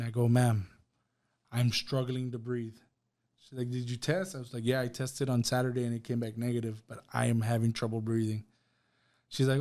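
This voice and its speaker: A man's voice: medium pitch, little pitch movement, normal speed, pauses often, a little mellow. Guy on a podcast telling his story, laid back, lots of "right?" and "bro". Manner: conversational, retells with quoted dialogue, fillers like "right?" and "bro". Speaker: podcast guest. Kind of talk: casual storytelling.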